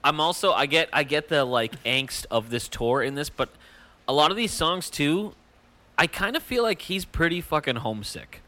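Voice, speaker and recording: Bright-voiced man bantering on a podcast. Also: a little high, lively intonation, normal speed. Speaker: podcast co-host. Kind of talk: casual chat.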